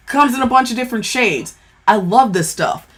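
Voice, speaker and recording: A woman's voice: fairly high pitch, expressive, moderate pace, fairly bright tone. A woman giving a casual makeup product review, blunt and profane, who keeps checking in with "okay?". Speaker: beauty vlogger.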